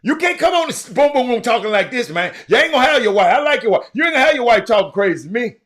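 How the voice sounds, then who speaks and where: Man, live-stream host, high voice, swoops all over, teases chat by name. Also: racing. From Texas. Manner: animated, teasing viewers by name, often shouting. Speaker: livestream host talking sports.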